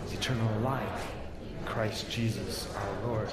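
A man preaching a sermon, telling stories with sudden emphatic rises and quiet, reflective drops. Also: on the low side, steady tone, measured pace, a crowd in the background. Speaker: pastor. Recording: long hall reverb.

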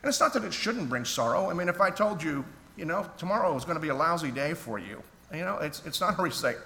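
A man with a fairly high, bright, forceful voice preaches a sermon, earnest and conversational, restarting phrases as he goes. His voice carries a long echo through a church hall over faint background noise. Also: lively intonation, quick pace, creaky. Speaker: pastor.

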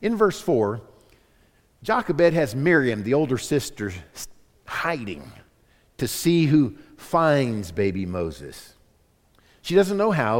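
A middle-aged man preaching a sermon as the pastor, telling the story in a lively, animated way. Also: fairly high pitch. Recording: long hall reverb.

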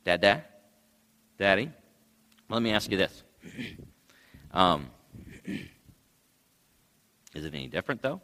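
A male pastor delivers a sermon in a slow, low, bright voice. His preaching rises into loud cries at times. The sound carries the long reverb of a church hall. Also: big pitch swings.

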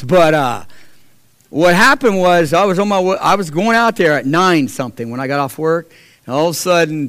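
A middle-aged man telling a personal testimony to a church, animated, acting out the voices in his story and swinging from loud to hushed. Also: fairly high pitch, dry recording. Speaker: church speaker sharing a testimony.

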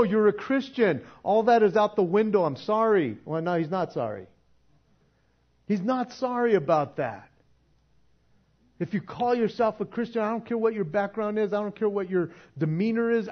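Male preacher, casual sermon, chatty and emphatic, slightly high voice, dull lo-fi recording. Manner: conversational, laughs often, swings from quiet to emphatic.

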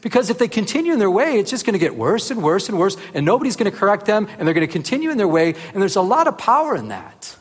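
In a reverberant hall, a man gives a casual, earnest Bible teaching in a high voice, speaking fast with hardly any pauses. He rises into animated emphasis and keeps tossing out rhetorical "remember?" questions.

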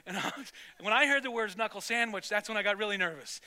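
A male pastor preaching in a high-pitched voice with a piercing, bright edge. He tells his sermon as an animated story, breaking off and restarting mid-sentence. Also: fast talker. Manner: storytelling, animated, self-interrupting.

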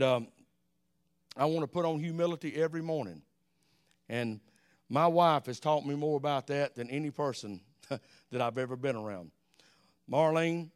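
Older Alabama-accented male preacher, folksy sermon delivery, smooth and slightly high. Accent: Southern US, Alabama. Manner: folksy, repeats amen, animated storytelling.

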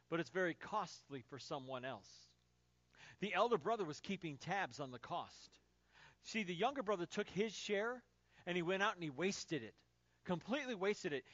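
A male pastor delivering a sermon, swinging from loud emphasis to hushed, quiet phrases. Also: high voice, no echo, lo-fi sound.

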